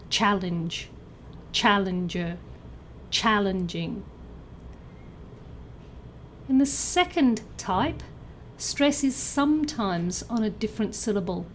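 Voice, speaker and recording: A woman narrating a scripted pronunciation lesson, enunciating each example word clearly and carefully. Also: a little high, a little mellow, slight background noise. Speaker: pronunciation teacher.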